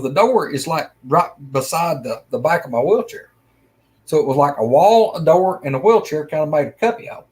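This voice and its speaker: A middle-aged man with a slightly high voice tells a casual first-person story about a personal encounter. He's a rambling, folksy storyteller who acts out the lines he quotes.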